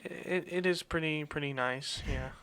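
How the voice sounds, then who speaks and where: Bright-voiced young male radio host. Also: fairly high pitch, a little slow, slight background noise. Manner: rambling, with filler words and restarts. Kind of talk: casual chat. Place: student radio studio.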